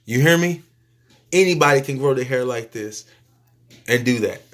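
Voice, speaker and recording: A man delivering a spiritual preaching monologue to his viewers, emphatic and repetitive, stretching out phrases and suddenly dropping to a soft near-whisper. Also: medium pitch, animated, normal speed. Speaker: YouTube speaker.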